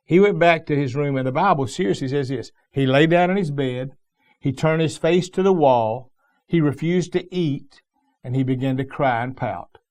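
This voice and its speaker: Middle-aged pastor, man, folksy sermon storyteller, voice sits a bit high, emphatic and plain-spoken. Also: normal speed, darkish tone.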